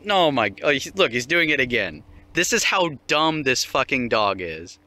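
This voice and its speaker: A young man rants casually while walking his dog outdoors, filming as a vlogger, full of profanity, mockery and frequent laughter. His medium-pitched voice is very animated, bright and forceful, at a moderate pace.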